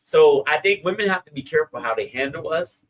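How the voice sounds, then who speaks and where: Animated Southern-accented man hosting. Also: on the high side, brisk, low-quality recording. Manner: animated, laughing, Southern slang. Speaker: podcast host. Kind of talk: casual chat, reading listener comments.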